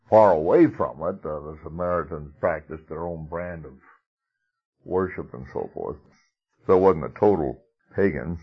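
A low-pitched man preaches a sermon with a husky edge to his voice. He talks conversationally and leans on key words, with a soft chuckle here and there. The recording sounds dull and lo-fi.

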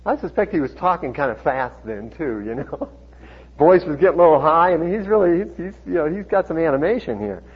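Animated man preaching a sermon, lo-fi. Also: fairly high pitch, a little fast, breathy edge. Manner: conversational, chuckling asides, animated when reading dialogue. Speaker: pastor. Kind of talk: sermon, expository Bible teaching. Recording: dull lo-fi sermon recording.

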